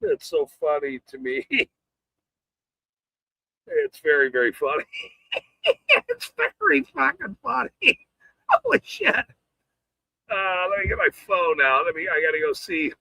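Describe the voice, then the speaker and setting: A man's voice: fairly high pitch, wildly swooping pitch, slow, creaky, long pauses, sharp tone, no room sound, rough recording. A man hosting a casual livestream, swearing and greeting viewers in chat between bursts of laughter. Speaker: livestream host.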